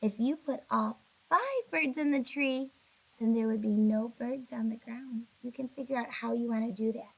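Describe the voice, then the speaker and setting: A woman's voice: on the high side, moderate pace, vocal fry, breathy edge, low-quality recording. A woman teacher recording a video lesson for young children, patient and encouraging, a little sleepy and yawning. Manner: patient, encouraging, talks to kids directly.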